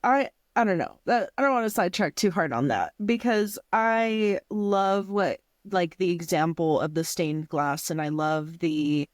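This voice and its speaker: A woman co-hosting a casual podcast chat, breezy and quick to laugh as she shares her own class stories. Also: fairly low pitch, no room sound, studio quality. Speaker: podcast co-host.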